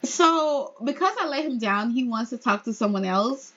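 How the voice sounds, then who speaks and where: A woman narrating her life-sim gameplay in a chatty, giggly way. Her voice is high and husky. The sound is a bit muffled and lo-fi. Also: expressive, moderate pace, fairly bright tone. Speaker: let's play host. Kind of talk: casual gameplay commentary.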